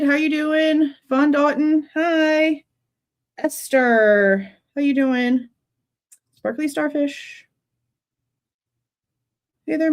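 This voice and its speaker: Woman, high voice, true crime livestream host, chatty and exasperated, greets viewers by name. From Texas.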